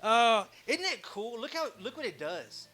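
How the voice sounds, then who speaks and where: A man's voice: extremely high pitch, big pitch swings, a little slow, pushed and bright, faint music behind. A man with a Texan accent, live-streaming his woodworking and chatting casually in a joking, rambling, self-deprecating way.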